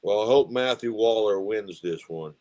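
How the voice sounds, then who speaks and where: A man's voice: lowish voice, normal speed, a little mellow. A man hosting a casual live stream, chatting in a rambling, talkative way. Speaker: livestream host.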